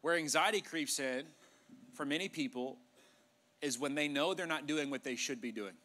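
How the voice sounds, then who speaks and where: A man's voice: on the high side, moderate pace. Man preaching an emphatic sermon. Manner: emphatic, drops to a hushed voice for effect. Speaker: pastor. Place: church sanctuary.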